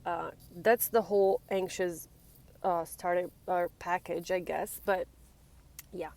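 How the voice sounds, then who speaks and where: A woman's voice: lowish voice, steady tone, slow pace, gravelly, darkish tone. A young woman from Italy rambling anxiously in a casual vlog, teary-eyed and often breaking off mid-sentence. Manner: rambling, self-interrupting, anxious. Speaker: vlogger.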